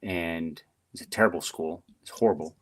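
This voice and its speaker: Low-voiced man telling service stories. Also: normal speed. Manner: chatty, animated storyteller with frequent fillers. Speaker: podcast guest, retired Marine. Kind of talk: casual storytelling interview.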